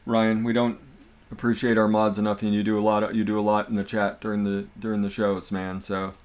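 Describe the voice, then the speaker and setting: A man hosting a casual livestream, chatting in a relaxed, jokey way with friends. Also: on the low side, a little fast. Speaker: livestream host.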